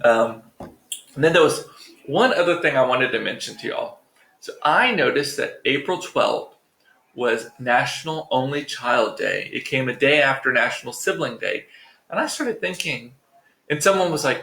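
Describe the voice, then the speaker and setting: A man's voice: mid-range voice, animated, normal speed, vocal fry, sharp tone. A man hosting his own vlog, chatting casually to viewers with profane, joking, rambling asides. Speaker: vlog host. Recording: roomy echo.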